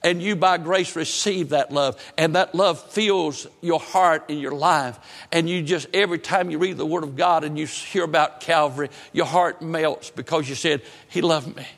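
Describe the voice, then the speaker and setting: A pastor preaches from the pulpit of a church sanctuary in an earnest, emphatic cadence, repeating phrases. His voice is a little high and fairly bright at a normal speed, with a long church reverb on the recording.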